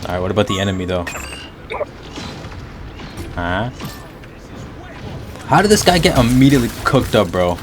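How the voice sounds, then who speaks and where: A young man with a lowish voice chatters through a team shooter match, excitable and cursing, saying the same thing over and over. His mic picks up plenty of game noise, so the stream audio sounds busy and cluttered. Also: normal speed, pauses often. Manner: excitable, swears a lot, repeats himself. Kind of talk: casual gaming chat.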